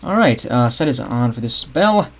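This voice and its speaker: A man's voice: medium pitch, sing-song, moderate pace, vocal fry. Young man, casual stream talk, thinks aloud, keyboard clicks. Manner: thinks aloud, restarts often, chats with viewers. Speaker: streamer building a game map. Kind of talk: casual livestream commentary.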